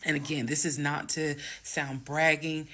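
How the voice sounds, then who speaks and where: A woman telling a personal story to her viewers, emphatic and dramatic, slowing down to stress words and then rushing ahead. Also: sits low, flat delivery, a bit bright. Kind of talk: casual storytime monologue.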